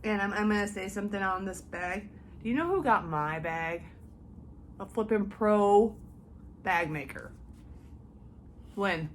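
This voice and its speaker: A woman's voice: mid-range voice, a little slow, long pauses. Woman co-host, playful quips, casual chat, light room noise. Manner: playful, joking interjections. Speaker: podcast co-host. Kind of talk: casual chat among friends. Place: hotel room.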